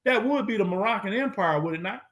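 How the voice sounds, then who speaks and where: A man giving an emphatic lecture, repeating phrases for emphasis, with a casual, slangy, drawn-out delivery. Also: high voice, lively intonation, a bit bright, dull audio. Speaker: speaker presenting to an online audience. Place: at a computer, sharing his screen.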